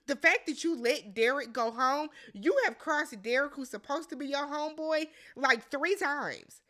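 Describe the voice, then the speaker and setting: Woman host recapping reality TV; high, sharp voice, sassy and unfiltered, does the cast's quotes in exaggerated voices. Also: moderate pace. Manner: blunt, sassy, swearing freely; acts out quotes with big pitch jumps. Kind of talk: casual recap commentary.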